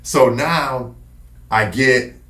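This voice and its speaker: A man tells a personal story in a casual, animated, profane way. His voice sits at a middle pitch. The room around him is echoey. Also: extremely slow. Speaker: podcast guest telling his story.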